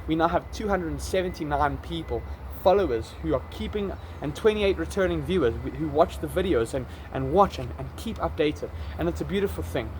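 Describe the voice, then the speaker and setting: A man's voice: on the high side, lively intonation, fairly quick, hardly any pauses, slight background noise. A man with a South African accent talking casually to the camera outdoors in a vlog, rambling and correcting himself as he goes. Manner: chatty, rambling, self-correcting. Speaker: vlogger. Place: outdoors in an urban area.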